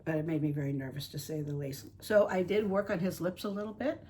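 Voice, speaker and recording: A woman's voice: low voice, fairly even intonation, fast talker, a little mellow. A woman chatting casually while painting reborn dolls at her home craft table, rambling and fond. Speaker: reborn doll artist and channel host.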